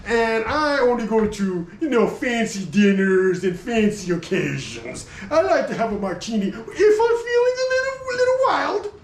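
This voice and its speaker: A man voicing a talking leather jacket as a snooty, upper-class gentleman with an airy, drawn-out lilt. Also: very high voice, very animated, echoey room, slight background noise, voice pushed up.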